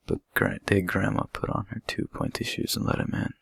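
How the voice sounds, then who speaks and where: Deep, gravelly male storyteller. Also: huge pitch swings, a little fast, few pauses, a bit bright, no room sound. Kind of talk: bedtime story reading.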